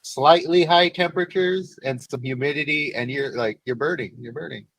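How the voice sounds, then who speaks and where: A man's voice: on the high side, normal speed, a bit bright, low-quality recording. A man chatting and joking on a casual podcast panel.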